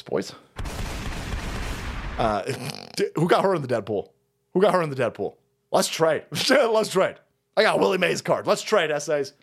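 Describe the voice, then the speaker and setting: A man's voice: on the high side, very animated, normal speed, long pauses. A man hosting a stream, ranting crudely with mocking asides and frequent laughter. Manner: crude, mocking, laughs often, mimics people in voices. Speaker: streamer host. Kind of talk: profane ranting commentary stream.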